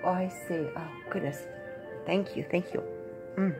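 Gravelly-voiced mother gushing over pretend tea. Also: fairly low pitch, fairly even intonation, moderate pace, music in the background. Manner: gushing, playfully formal and polite. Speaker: mother playing with her child. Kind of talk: pretend tea party play.

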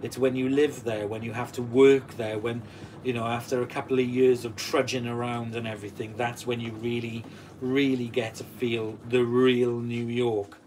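A man's voice: medium pitch, little pitch movement, normal speed, a little mellow. Welsh guy in his 40s on a live stream, chatting away and reading out comments, bit of faint noise behind. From Wales. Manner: chatty, reads out and answers comments. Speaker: channel host.

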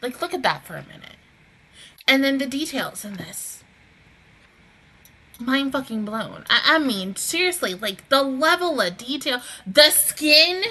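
Excitable woman gushing about an anime, high bright voice that jumps all over, swears and laughs a lot. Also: measured pace. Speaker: anime reaction host. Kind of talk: casual reaction review.

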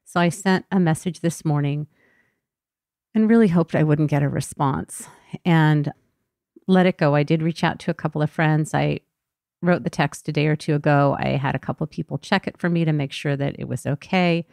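A woman's voice: low-pitched, fairly even intonation, moderate pace, vocal fry, darkish tone, no room sound, clean studio sound. A woman therapist hosting her podcast, talking candidly and vulnerably in a personal monologue. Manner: candid, vulnerable, emotionally raw.

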